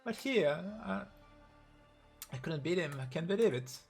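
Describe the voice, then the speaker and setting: A man's voice: on the high side, animated, unhurried, creaky, a little mellow, soft background music. A man on a live stream reading a game's story aloud, voicing every character in his own voice and getting emotional.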